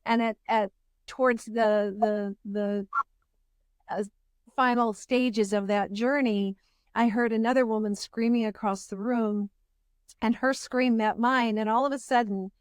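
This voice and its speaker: A woman hosts a podcast in a reflective, heartfelt manner, often restarting her sentences as she gathers her thoughts. Her voice sits a little high. The recording is dry and close, with no room sound. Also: fairly even intonation, measured pace, clear, resonant tone, no echo. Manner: earnest, searching, many restarts. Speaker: podcast host. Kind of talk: reflective interview chat.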